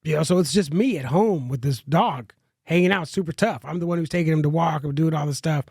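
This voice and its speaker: A man tells a rambling story on a podcast, restarting his sentences and swearing casually. His voice sits a bit high and is gravelly and husky. The sound is close and dry. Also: fairly quick, a little mellow, no echo. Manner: rambling, many restarts and fillers, swears freely. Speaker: guest comedian.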